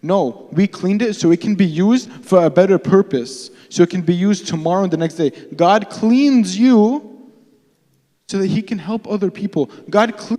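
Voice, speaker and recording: Young guy preaching casual in a big echoey church hall, kinda high voice but mellow tone, acts out pleading prayers. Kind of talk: casual sermon. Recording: church hall live stream with long reverb.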